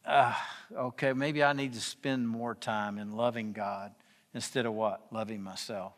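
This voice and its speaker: A man's voice: on the low side, steady tone, measured pace. A man giving an informal preaching talk as guest speaker at a men's gathering. He speaks in a confessional way and keeps asking the audience questions. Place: event hall with tables. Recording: long hall reverb.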